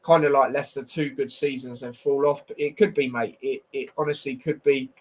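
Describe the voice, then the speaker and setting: A man's voice: mid-range voice, fairly even intonation, a little fast, low-quality recording. A young man hosting a casual football review stream, blunt and opinionated with slangy banter. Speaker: football podcast host.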